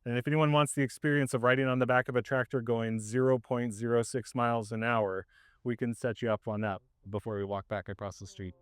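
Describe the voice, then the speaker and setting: Casual, slightly hoarse farmer explaining. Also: male voice, mid-range voice, fairly even intonation, fairly quick, no room sound, studio quality. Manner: casual and conversational, with many fillers. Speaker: farmer leading a farm tour. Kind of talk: explaining while walking a group around. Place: outdoors on a farm field.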